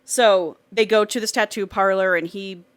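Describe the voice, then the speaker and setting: A woman co-host in casual podcast chat, recapping a book with plenty of swearing and laughter. She jumps in and out of the characters' lines as she tells the story. Her pitch sits in an ordinary middle range. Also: fairly even intonation, normal speed, no echo.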